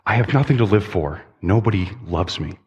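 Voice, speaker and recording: A young man voicing a despairing young man in a told joke, hesitant and stammering, speaking quietly in a church hall with a long reverb. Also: deep voice, lively intonation, brisk, breathy edge, dull audio, exaggerated voice. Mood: glum.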